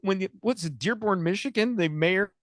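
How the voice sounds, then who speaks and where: High-pitched and speaking at normal speed, this sixty-something host runs a comedic political talk radio program. His delivery rambles and jokes, often cutting himself off; it's a studio mic with no echo.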